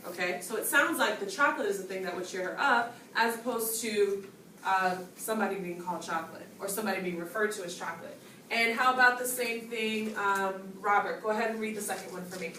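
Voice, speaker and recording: A woman's voice: medium pitch, fairly quick, sharp tone. Woman teacher leading a class, calls on students, heard from across an echoey room. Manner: instructive, calls on students and asks questions. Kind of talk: classroom grammar lesson. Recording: echoey classroom, distant mic, background noise.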